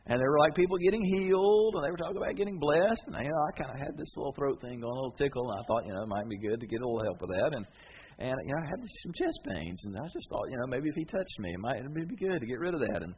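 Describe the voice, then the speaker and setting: Animated male pastor preaching. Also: medium pitch, fast, lo-fi sound, slight background noise. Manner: animated storytelling, acting out voices. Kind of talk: sermon.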